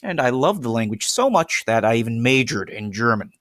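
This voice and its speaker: A man's voice: mid-range voice, big pitch swings, fairly quick, fairly bright tone, no room sound, studio quality. Earnest man explaining pronunciation. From United States. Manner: earnest, with frequent fillers and restarts. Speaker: language teacher. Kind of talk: explanatory presentation.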